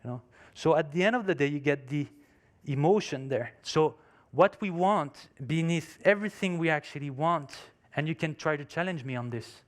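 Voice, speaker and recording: Non-native guy on stage, kinda high voice, tells stories with lots of emphasis. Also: expressive, moderate pace, few pauses. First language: not English. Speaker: conference speaker. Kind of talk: motivational conference talk.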